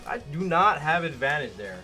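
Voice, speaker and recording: A man's voice: a little high, big pitch swings, normal speed, music in the background. A man giving a casual gameplay tutorial as a fighting game coach, talking conversationally and correcting himself as he demonstrates.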